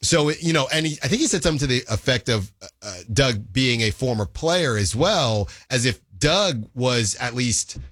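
A man's voice: medium pitch, expressive, moderate pace, few pauses, a bit bright, breathy edge, dry recording, studio quality. A man joining a sports radio show, talking in a rambling, wry and resigned way. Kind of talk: casual sports radio chat.

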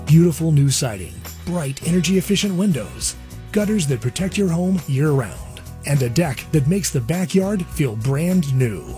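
Mellow man narrating an inviting ad. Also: fairly high pitch, animated, measured pace. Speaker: ad announcer. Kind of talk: scripted radio ad narration. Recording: music bed under the voice.

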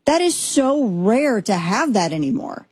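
A woman in her thirties or forties hosting a commentary show, talking in an animated, sarcastic and rambling way with many restarts. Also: a little high, a little slow, husky, dry recording. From Texas, USA. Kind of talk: opinionated monologue commentary.

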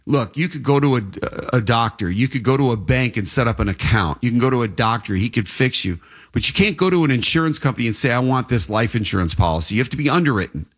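A man talking insurance in a loose interview chat, his pitch rising and falling with lively swings at a middle register. He rambles from point to point, restarting his sentences as he goes. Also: fast, slightly rough. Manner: animated, rambling storyteller with frequent restarts. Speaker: insurance agent.

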